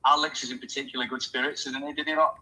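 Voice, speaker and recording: A man with a husky, slightly breathy voice, hosting a relaxed chat. He tells a story with lively energy and slips into the voices of the people in it. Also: medium pitch, racing, low-quality recording. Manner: animated storyteller, acts out quoted voices. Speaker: host.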